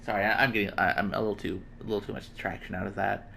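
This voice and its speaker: A man's voice: lowish voice, level tone, racing, creaky, bright, forceful tone, slight background noise. A man doing casual, jokey gameplay commentary as a let's play host, rambling with many stammered restarts. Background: game music.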